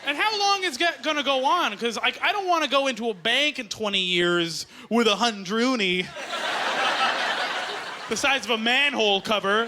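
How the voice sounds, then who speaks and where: A man from Canada doing a stand-up comedy set, talking fast and bursting into squeaky bits. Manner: excitable, jumps into high squeaky bits. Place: comedy club stage before a laughing crowd. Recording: loud audience laughter and stage noise.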